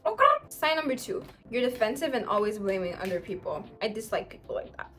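A woman's voice: mid-range voice, lively intonation, fast talker, faint music behind. A woman vlogger giving friendship advice in a chatty, sassy way, speaking in a put-on accent. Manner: chatty and sassy, addresses viewers as "guys". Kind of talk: casual advice vlog.

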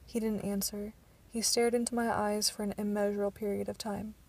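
Woman with a gravelly, flat reading voice. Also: mid-range voice, fairly quick. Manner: stumbling, with restarts. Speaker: audiobook narrator. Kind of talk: amateur audiobook reading.

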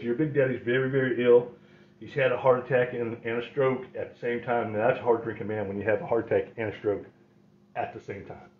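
A middle-aged man telling rambling stories in a wry way, often chuckling. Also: fairly low pitch. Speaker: host. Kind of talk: casual storytelling. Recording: roomy, slightly dull recording.

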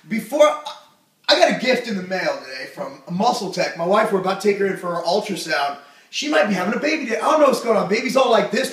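A young man reviewing a supplement in a jokey vlog, loud and goofy, breaking into shouts. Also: high-pitched, roomy sound, far from the mic.

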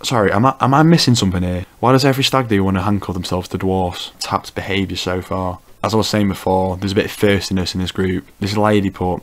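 A man's voice: low voice, a little fast, hardly any pauses. A man giving casual comedic commentary as a YouTuber, with wry, teasing remarks.

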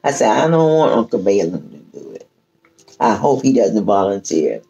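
A woman's voice: extremely low pitch, creaky, highs cut off, faint music behind. An older woman, telling a family story in casual talk and acting out her relatives' lines. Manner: lively, drawn-out, acts out quoted relatives. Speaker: storyteller guest.

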